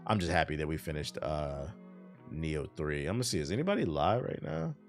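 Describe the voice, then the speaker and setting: A man streaming live, giving casual, profane, animated commentary on news, his voice a bit tired. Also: extremely low pitch, brisk, vocal fry, soft background music.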